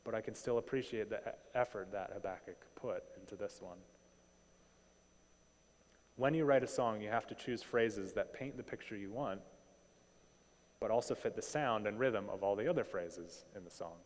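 A man's voice: on the low side, moderate pace. Conversational male preacher in a reverberant hall. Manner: conversational, animated preaching with rhetorical questions. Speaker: pastor. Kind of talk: sermon.

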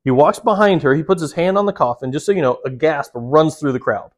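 A man's voice: a little high, fairly quick. A man preaching a sermon, earnest and direct, putting questions straight to his listeners. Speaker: pastor.

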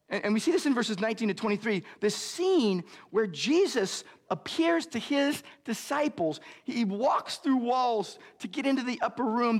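A man preaching a sermon as pastor, earnest and emphatic, slowing down on key lines and speeding through asides. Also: sits high, long reverb tail.

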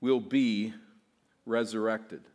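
A pastor preaching an expository sermon, emphatic and voicing imagined objections. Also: male voice, fairly low pitch, steady tone, slow pace, darkish tone. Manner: emphatic, voices mock objections.

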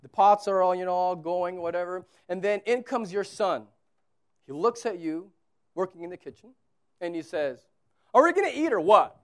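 Pastor, man, 30s, high-pitched voice; casual sermon, quiet asides and loud repeated emphasis. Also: moderate pace, clear, resonant tone. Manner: conversational preaching, swings from quiet to loud emphatic repetition.

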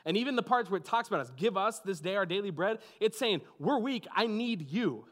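Man, high voice, pastor, casual conversational sermon. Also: expressive, a little fast, a bit bright. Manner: conversational preaching, many "like" and "you know what I mean".

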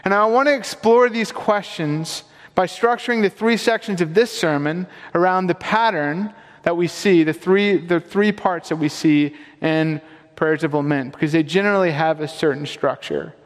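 A man delivers a sermon with a high-pitched voice and an earnest, emphatic manner. His questions climb upward as he presses each point. The sound rings out with the long reverb of a large hall. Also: normal speed. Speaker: pastor.

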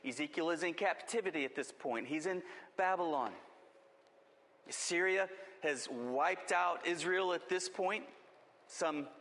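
A man's voice: on the high side, fairly bright tone, in a large hall. A man preaching a sermon as pastor, with impassioned, rising emphasis.

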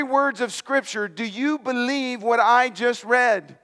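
A man's voice: extremely high pitch, normal speed, few pauses, bright, forceful tone, big-room sound. A man preaching a sermon as pastor, emphatic, sometimes dropping to near-whispers for stress, and calling his listeners friends. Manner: addresses listeners directly as friends.

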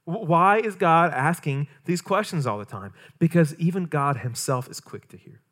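A man's voice: on the high side, animated, moderate pace, a bit bright. A man, a pastor, preaching a sermon in a conversational way, full of rhetorical questions.

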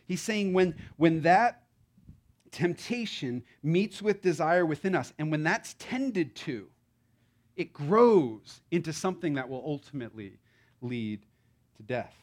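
A male pastor delivers a sermon with an easy, conversational warmth, tossing in rhetorical questions and side stories. His voice sits a little high for a man, and his energy rises and falls as he leans into a point. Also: a little slow. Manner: conversational, animated preaching with asides.

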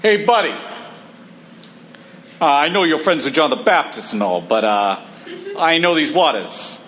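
A man's voice: on the high side, animated, a little slow, a bit bright, slight background noise, rough recording. A man voicing a blunt, streetwise fisherman with a New York accent during a sermon. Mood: skeptical.

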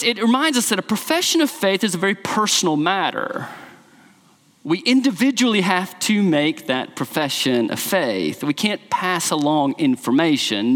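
A man's voice: on the high side, a bit bright. A man preaching a sermon, emphatic and repeating key phrases for stress, in a church sanctuary. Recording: long reverb of a large hall.

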